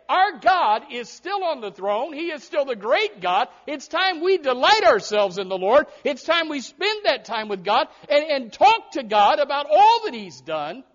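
A man preaching a sermon, speaking emphatically and often repeating words as he restarts. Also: very high-pitched. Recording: dull lo-fi recording.

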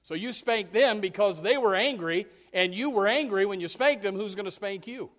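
A man preaching a sermon as pastor, folksy and animated, acting out scenes. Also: sits high, moderate pace, in a large hall. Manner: folksy, animated, acts out yelling parents and kids.

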